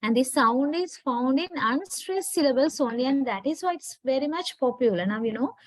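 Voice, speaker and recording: A Sri Lankan university lecturer with a Sri Lankan English accent gives a classroom lecture, explaining things and often checking that students follow with "right?". Her voice sits high and is expressive at normal speed. The audio is poor, with no room sound.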